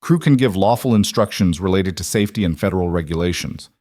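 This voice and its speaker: Composed executive man, calm and precise, low voice, read by a male narrator. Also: quick pace, no echo, studio quality.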